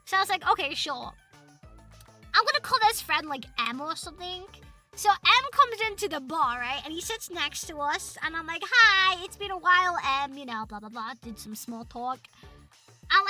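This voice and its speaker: A young British woman streaming as a VTuber, chatting casually to her chat, excitable and swearing a lot with loud outbursts. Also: sits high, normal speed, faint music behind.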